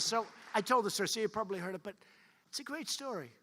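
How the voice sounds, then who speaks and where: A man's voice: sits high, fast talker, a crowd in the background, noisy background. A man giving a rally speech at a fundraiser, repetitive, boastful and rambling. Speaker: political speaker at a fundraiser. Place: large event hall. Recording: long hall reverb.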